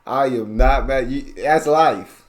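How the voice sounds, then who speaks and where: An American man gives casual reaction commentary, chatty and quick to laugh. He throws in emphatic little asides between thoughts. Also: mid-range voice. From United States. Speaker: reaction video host.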